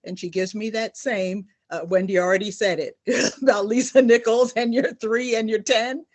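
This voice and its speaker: A woman's voice: a little high, fairly even intonation, moderate pace, a little mellow. A middle-aged woman, a nurse, giving earnest, emphatic personal testimony on a panel and repeating her key phrases for weight. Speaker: nurse guest speaker.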